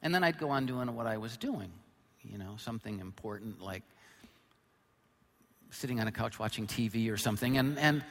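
A middle-aged male pastor preaching a sermon, joking about himself and then hitting points with sudden loud emphasis. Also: mid-range voice, animated, moderate pace. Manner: humorous, self-deprecating storytelling with sudden loud emphasis. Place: large church hall. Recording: long hall reverb.

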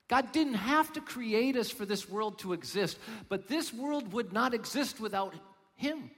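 A male pastor preaching a sermon, firing off rhetorical questions and then dropping to a soft, low voice. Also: lively intonation, moderate pace. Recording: long reverb of a large hall.

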